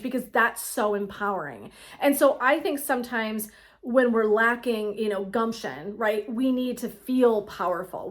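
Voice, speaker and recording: A middle-aged woman coaching in a casual, motivational talk to camera, chatty and quick to laugh, checking in often with "right?". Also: fairly high pitch. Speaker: women's wellness coach.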